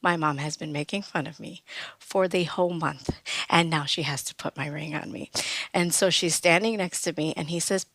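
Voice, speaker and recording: Podcast guest: young woman with a bright voice who animatedly acts out every quoted voice; dry close-mic sound. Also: sits low, fairly even intonation, normal speed, dry recording. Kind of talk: emotional personal storytelling.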